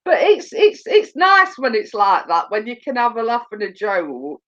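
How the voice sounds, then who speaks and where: A woman's voice: a little high, big pitch swings, normal speed, fairly bright tone. A woman chatting casually with viewers on a live stream, telling funny stories and laughing often. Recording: dull lo-fi sound.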